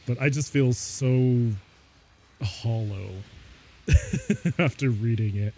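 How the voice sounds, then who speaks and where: A male streamer talks in a slow, unhurried ramble, laughing often between thoughts. His voice sits at an ordinary pitch with a mellow, relaxed tone. He leans on casual fillers like "like" and "y'all" as he chats live. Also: a little hiss or hum. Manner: says "y'all" and "like" a lot.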